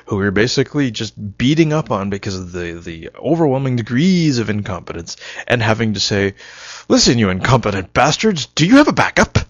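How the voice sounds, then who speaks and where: A man's voice: on the low side, no echo. A man giving a rambling, self-mocking solo monologue, wry and punchy, on a dull lo-fi recording.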